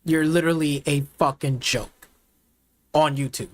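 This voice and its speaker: A man's voice: fairly high pitch, steady tone, normal speed. A man hosting a gaming channel who gives a profane, mocking and repetitive rant in reaction to game footage. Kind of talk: ranting game reaction commentary.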